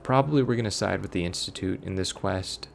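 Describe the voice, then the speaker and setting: A man's voice: low voice, a little fast, vocal fry, slight background noise. A man from Florida giving casual, sarcastic let's play commentary, wandering off into digressions. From Florida, USA. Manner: rambling, sarcastic, digressive storytelling.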